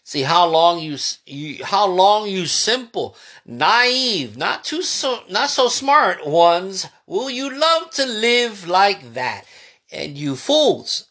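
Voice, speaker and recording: A man with a husky, bright voice preaches a sermon. His pitch leaps and falls as he builds emphasis and fires questions at the congregation. He retells scripture in casual everyday words. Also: very animated, slow pace. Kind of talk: sermon teaching.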